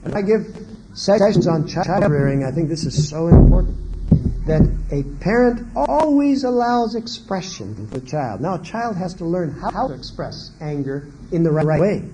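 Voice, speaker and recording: A man's voice: fairly high pitch, normal speed, background noise. A man giving a marriage seminar lecture, asking the audience question after question and acting out what parents and children say. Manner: animated, asks the audience many questions; acts out quoted parents and children. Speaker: seminar speaker.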